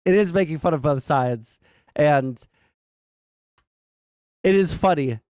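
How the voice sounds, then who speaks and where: A man's voice: fairly high pitch, slow pace, a little mellow, smooth, no echo, studio quality. A man streaming casual political commentary, rambling with fillers and wry asides.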